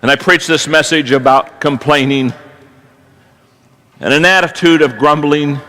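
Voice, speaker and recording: Brief: male preacher, high and bright, lively storyteller swinging hushed to loud. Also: a little slow, rough recording. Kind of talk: sermon.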